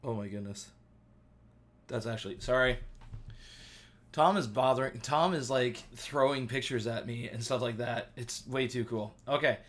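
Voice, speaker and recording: Excitable, rambling man on a live stream. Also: mid-range voice, normal speed. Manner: rambling and excitable, heavy on fillers. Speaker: livestream host. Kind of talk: casual live-stream chat. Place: at home.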